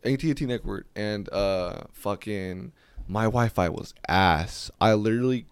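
A man's voice: fairly low pitch, unhurried, clean tone, no room sound. A man hosting a podcast, talking in a casual, profane and rambling way. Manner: profane, laid-back, rambling. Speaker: podcast host. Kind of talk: casual chat. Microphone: podcast mic.

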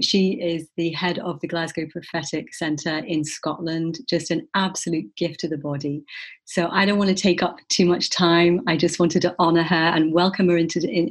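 A woman's voice: fairly low pitch, breathy edge. A woman hosting a talk show, effusive and gushing as she introduces her guest and asks about her book. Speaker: show host.

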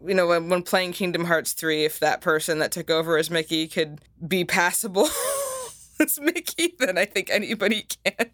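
A woman's voice: fairly low pitch, lively intonation, normal speed, fairly bright tone, dry recording. A woman co-hosting a podcast in casual chat, giggly and playful, often breaking into character voices. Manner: giggly, playful, jumps into impressions. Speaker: podcast co-host.

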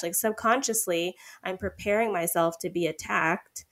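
A woman's voice: fairly low pitch, moderate pace. A young woman co-hosting a podcast, chatting casually and acting out quoted lines as she tells stories. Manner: animated storyteller, acts out quotes. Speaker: podcast co-host. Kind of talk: casual chat.

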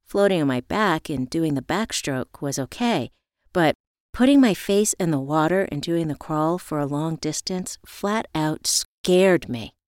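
A woman narrating a first-person story in a reflective, measured way. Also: deep voice, darkish tone, dry recording, studio quality.

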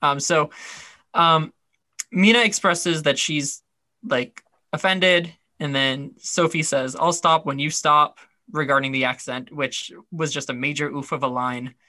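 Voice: medium pitch, unhurried, sharp tone, no room sound. A podcast co-host chatting casually about a TV episode, rambling with lots of fillers and wry asides.

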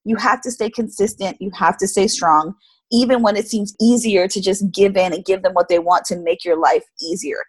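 A woman's voice: medium pitch, steady tone, normal speed, slightly rough, dry recording. A woman co-hosting a podcast in casual chat, earnest and self-deprecating with a playful streak. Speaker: podcast co-host.

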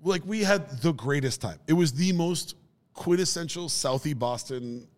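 A Minnesota man co-hosts a podcast, spinning casual stories with plenty of energy, swearing freely and laughing often. His voice is a little high and his pace moderate, and it sounds like he's in a large hall.

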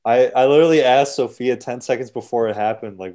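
A man's voice: mid-range voice, fast, warm tone. A man on a podcast telling, animatedly, how he reacted to a film. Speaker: podcast guest. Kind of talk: casual chat.

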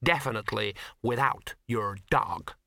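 A man voicing a fiery, paranoid young actress, speaking quickly with anguish and a sharp edge. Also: mid-range voice, lively intonation, no echo, studio quality, pitched above the performer's own voice. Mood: anxious.

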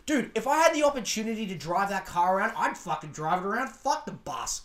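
A man's voice: high-pitched, sing-song, a little fast, few pauses, fairly bright tone. A man with an Australian accent hosting a podcast, delivering a crude, sarcastic rant full of swearing. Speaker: podcast host. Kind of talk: profane ranting commentary.

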